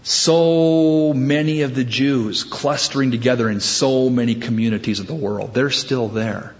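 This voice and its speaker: A male preacher teaches from scripture in an easy, conversational style and often restarts his phrases. His voice sits at an ordinary mid pitch. The recording sounds dull and somewhat muffled. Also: measured pace. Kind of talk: sermon.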